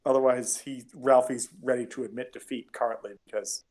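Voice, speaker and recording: A man's voice: medium pitch, fairly even intonation, a little fast, a little mellow. A man narrating as game master of a tabletop game, chatty and rambling with many fillers.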